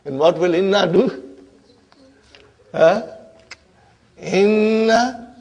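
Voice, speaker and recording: Slow-paced, higher-voiced male Arabic teacher. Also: animated, darkish tone, dull audio. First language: Urdu. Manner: interactive, constantly checks in with the class. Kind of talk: classroom lecture.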